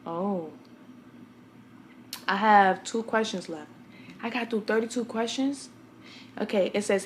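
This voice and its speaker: Young woman vlogger from Brooklyn, medium-pitched, blunt and chatty, talks straight to her viewers. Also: unhurried, pauses often, slight background noise. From Brooklyn, New York. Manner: chatty, blunt storyteller addressing viewers directly. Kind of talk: casual talk to camera.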